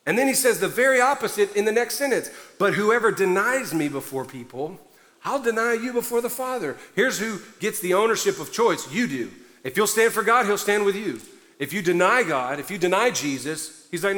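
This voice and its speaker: A male pastor preaching a sermon with loud, fervent emphasis to a congregation, a little out of breath. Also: sits high, lively intonation, normal speed. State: somewhat out of breath. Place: large church hall before a congregation. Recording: long hall reverb.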